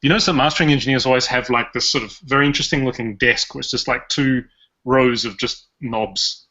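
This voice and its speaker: Chuckling often, a podcast host with an Australian accent rambles and jokes in casual chat. His voice is medium in pitch, brisk, bright, and forceful, and the recording has a dull lo-fi podcast sound.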